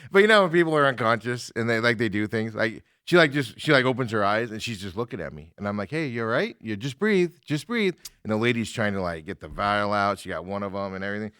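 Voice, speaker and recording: Animated bright-voiced male sports host. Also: on the low side, fast, few pauses, clear, resonant tone, no room sound, studio quality. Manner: animated storyteller, laughs often. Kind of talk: casual sports talk. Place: radio studio.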